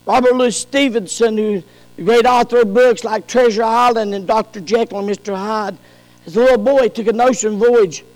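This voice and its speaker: High-voiced preacher in a reverberant hall. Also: male voice, fairly even intonation, normal speed. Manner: preaching that swings from shouted peaks to soft low passages. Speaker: pastor. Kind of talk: sermon.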